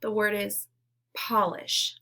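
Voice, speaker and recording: A woman teaching a phonics lesson to young children, giving slow, clearly spoken word prompts and pausing for them to repeat. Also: medium pitch, little pitch movement, sharp tone. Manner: encouraging.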